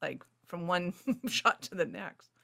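A woman hosting a casual interview, an animated, giggly storyteller. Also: on the low side, slow, creaky. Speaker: interview host.

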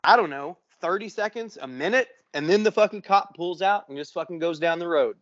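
Profane, animated man telling a story. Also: high voice, fairly quick, dry recording. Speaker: podcast co-host. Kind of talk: casual storytelling chat. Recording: muffled lo-fi dry sound.

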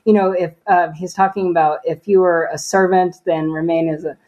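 A woman's voice: fairly low pitch, steady tone, moderate pace, mellow, lo-fi sound. A woman sharing a personal faith testimony as an interview guest, talking earnestly and casually with many fillers.

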